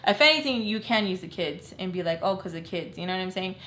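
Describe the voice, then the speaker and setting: A woman's voice: mid-range voice, steady tone, quick pace, bright, forceful tone, a little hiss or hum. A young woman telling a personal storytime in a casual vlog, candid and blunt, with plenty of swearing. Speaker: storytelling vlogger. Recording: roomy echo.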